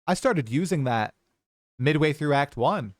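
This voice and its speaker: A man's voice: fairly high pitch, animated, measured pace, no echo, studio quality. A man hosting a casual gaming podcast, chatty and hedging as he explains things at length. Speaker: podcast host.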